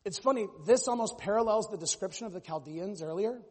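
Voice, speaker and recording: A man preaching a sermon as pastor, animated and at times mimicking other voices. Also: sits high, fairly quick, big-room sound.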